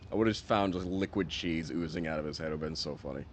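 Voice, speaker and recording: A man's voice: a bass voice, fast, slight background noise. A man streaming a game, rambling through casual commentary and laughing stories. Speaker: gaming streamer. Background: game music.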